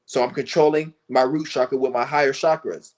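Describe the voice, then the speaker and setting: A man streaming a furious, cursing rant who mocks the people he criticizes in shrill put-on voices. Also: fairly even intonation, a little fast, a little mellow. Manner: angry, cursing, mocking; breaks into high mocking impressions of others. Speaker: livestream host. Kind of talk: profane rant to camera.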